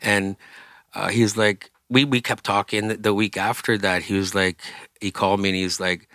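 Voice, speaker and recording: A man's voice: lowish voice, level tone, moderate pace, a bit bright, no room sound, clean studio sound. A male rock singer telling stories in a casual interview, swearing freely and acting out the people he quotes in other voices. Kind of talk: casual storytelling.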